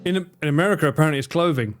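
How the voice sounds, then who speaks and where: A man livestreaming a game, excitable, swearing and laughing often as he chats. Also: on the high side, racing, soft background music. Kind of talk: casual gaming livestream chat.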